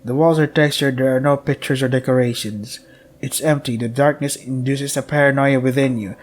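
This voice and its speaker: A man's voice: medium pitch, fairly even intonation, normal speed. A man streaming a visual novel, reading its text aloud steadily and breaking off for dry asides. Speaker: game streamer.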